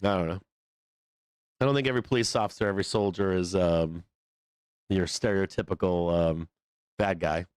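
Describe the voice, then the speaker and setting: A man's voice: low voice, steady tone, moderate pace, long pauses, clean tone, no echo. A man hosting a live show, ranting casually in a rambling, profane way and laughing often between points. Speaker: livestream host.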